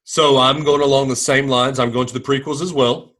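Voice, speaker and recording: A man's voice: medium pitch, fairly even intonation, brisk, fairly bright tone. A man co-hosting a podcast, talking casually with blunt, teasing remarks and short agreements. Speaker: podcast co-host. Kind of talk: casual chat.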